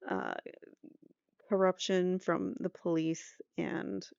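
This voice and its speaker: A woman true crime podcaster with a low, gravelly voice and a sarcastic, chatty way of reading and riffing on an article. The sound is dry and a bit dull, like a home podcast recording. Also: very animated, takes it slowly, a little mellow, no room sound. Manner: sarcastic, chatty, laughs at her own asides. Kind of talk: casual commentary reading an article aloud.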